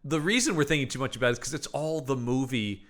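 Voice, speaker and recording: A man co-hosts a podcast in casual, joking chat and swears freely along the way. His pitch swings widely from line to line. His tone is bright and forceful. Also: expressive, quick pace. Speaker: podcast co-host.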